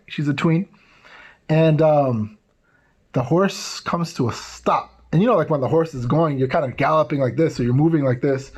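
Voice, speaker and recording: A man telling religious stories to tweens in a casual, animated way, checking in with the listeners often. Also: fairly high pitch, husky. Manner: casual, animated, tags lines with "right?"; acts out quoted voices. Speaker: youth speaker. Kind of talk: storytelling talk to tweens.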